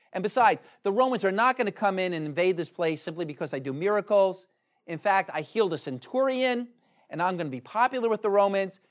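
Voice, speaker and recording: A man preaching a sermon to his congregation, emphatic, reading scripture aloud and asking rhetorical questions. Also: fairly high pitch. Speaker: pastor.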